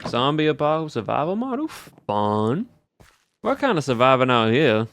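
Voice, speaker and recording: A man's voice: medium pitch, wildly swooping pitch, normal speed, a bit bright, a little hiss or hum. A game streamer chatting casually with viewers in a put-on Southern US drawl, easygoing as he plays. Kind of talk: casual live-stream chat while playing.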